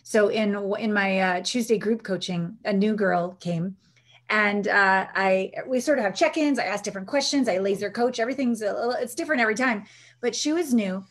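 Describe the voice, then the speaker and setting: A woman's voice: mid-range voice, a little fast. A woman intimacy coach, telling stories as a guest in a conversational interview and acting out the lines of the people in them. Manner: animated storyteller, acts out quotes.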